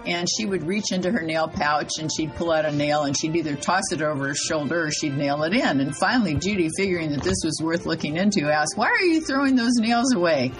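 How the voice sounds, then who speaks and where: A woman's voice: low voice, quick pace, hardly any pauses, faint music behind, rough recording. Woman telling jokes on radio. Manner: animated joke telling, voices the characters' lines. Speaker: co-host nurse.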